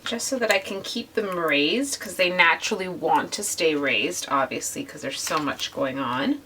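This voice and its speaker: Woman crafter chatting to camera, bright and a little nasal, voice set back from the mic with faint hiss. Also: fairly low pitch, moderate pace, distant mic. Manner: chatty and gushing, addresses viewers directly. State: slightly nasal from a summer cold. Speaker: scrapbooking vlogger. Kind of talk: casual craft process narration.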